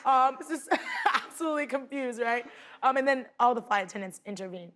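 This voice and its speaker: A woman's voice: a little high, lively intonation, fairly quick, a bit bright. A woman guest telling a story on a talk show, chatty and full of fillers. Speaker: guest passenger. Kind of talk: animated storytelling. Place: TV studio.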